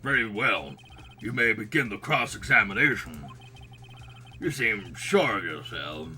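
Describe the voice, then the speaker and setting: A man's voice: on the low side, animated, measured pace, pushed and bright, faint music behind, full character voice. A man voicing a mild, formal male judge in a courtroom game.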